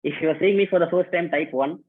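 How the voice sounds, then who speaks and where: Talking at a quick pace in a voice on the high side, a male host greets participants as his live online workshop begins. His casual, repetitive style calls out names and instructions, coming through a video call that sounds thin and phone-like.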